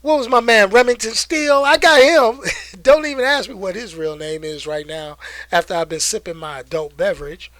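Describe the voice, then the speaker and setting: Male stream host, young adult, high voice, animated slangy delivery, dry close sound. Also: moderate pace, dry recording. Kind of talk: casual live-stream chat.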